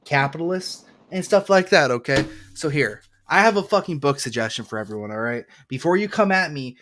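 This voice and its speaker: A man's voice: fairly high pitch, lively intonation, fairly quick, fairly bright tone. Guy hosting a live debate stream, lecturing, swearing a lot, totally sure of himself. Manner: lecturing, crude, self-assured. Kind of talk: heated online debate.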